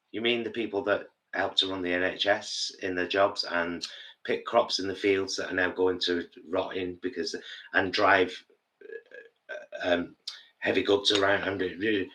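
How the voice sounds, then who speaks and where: A Northern English man with a low voice co-hosts a casual live stream from home. He talks bluntly and airs strong opinions without holding back. His low voice still has a bright, forceful edge. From England.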